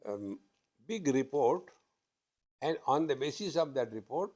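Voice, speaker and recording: A man leads a spiritual talk with a slightly raised pitch. He tells his stories bluntly and with emphasis, and he speaks straight to his listeners as friends. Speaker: spiritual teacher. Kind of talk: spiritual discourse to an audience.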